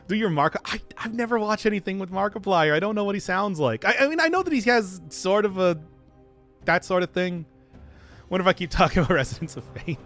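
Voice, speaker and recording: Talking quite quickly, a man streams a game and chats loosely with viewers, drifting from the subject and laughing a lot in giggly, rambling fashion. His pitch rides fairly high for a male and leaps around with animated swoops, over a quiet trace of music.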